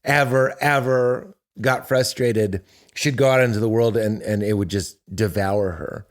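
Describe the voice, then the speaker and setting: A man's voice: fairly low pitch, measured pace. A man, a comedian chatting as a guest on a podcast and acting out quotes as he tells stories. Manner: animated storytelling with acted-out quotes. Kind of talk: casual podcast conversation.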